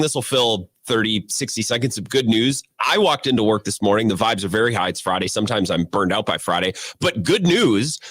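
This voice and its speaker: Male co-host with a dry, teasing delivery, lively intonation, close dry mic. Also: medium pitch, no echo. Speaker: radio co-host. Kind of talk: casual radio banter. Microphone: studio microphone.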